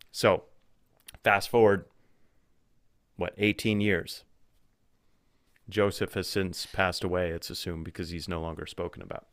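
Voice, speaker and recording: A man talking as a podcast guest in a casual conversation, thinking aloud with restarts and growing animated when he retells stories. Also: deep voice, dry recording, studio quality. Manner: thoughtful, with frequent restarts and fillers.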